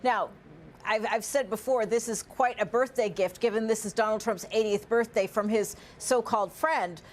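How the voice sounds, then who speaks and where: A woman reporter analysing diplomatic news live in a measured, explanatory way, with some fillers and restarts. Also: on the high side, slight background noise.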